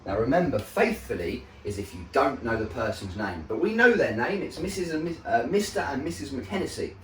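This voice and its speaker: Male teacher explaining stuff to little kids, lively up-and-down voice, bit far from the mic in an echoey room. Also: mid-range voice, a little hiss or hum. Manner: slow, deliberate teacher talk with frequent "okay?" check-ins. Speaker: primary school teacher. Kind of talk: recorded home-learning lesson for young children.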